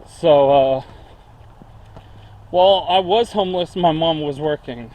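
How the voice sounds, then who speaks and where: A man's voice: on the high side, measured pace, a little mellow. A man walking through woods and talking casually, out of breath, rambling with many fillers. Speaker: vlogger. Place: outdoors in woods.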